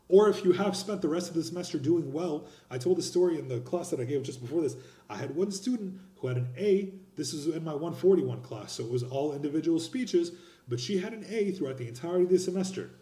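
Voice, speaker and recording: Young man, college instructor, casual rambling lecture, blunt slang, warm low-key tone, roomy echo. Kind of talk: recorded online class lecture.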